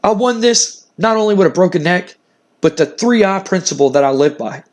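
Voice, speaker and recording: An earnest male wrestling champion offers a rival his respect, repeating himself as he reassures, voiced by a man recapping a game. The voice sits fairly high, with a casual, unpolished delivery. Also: animated, a little fast.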